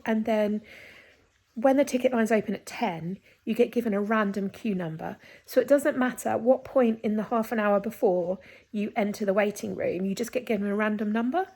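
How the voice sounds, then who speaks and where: A vlogger with a medium-pitched, gravelly, dark voice chats casually through her day, a bit out of breath. She rambles and pokes fun at herself, and the recording is rough.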